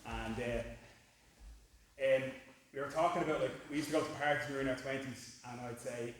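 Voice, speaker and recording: A man's voice: medium pitch, fairly even intonation, quick pace. A man in his forties, a jiu-jitsu coach giving a casual, joking, rambling speech at a belt ceremony, full of fillers. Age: 40s. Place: martial arts gym, large room. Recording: echoey gym from far off.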